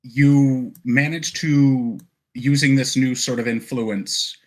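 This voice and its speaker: Taking it slowly in a medium-pitched voice, a man serves as game master for a tabletop game. His narration is descriptive and laid-back, sprinkled with fillers and laughter.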